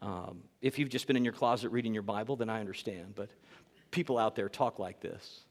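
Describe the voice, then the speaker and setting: A man's voice: on the low side, a little fast, big-room sound. A man preaching a sermon as pastor, earnest and emphatic, repeating key phrases for weight.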